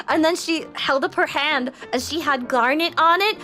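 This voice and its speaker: A woman's voice: high-pitched, moderate pace, few pauses, bright, forceful tone, faint music behind. A woman hosting a casual livestream chat, telling bubbly stories and often giggling. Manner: refers to herself in third person. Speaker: livestream host.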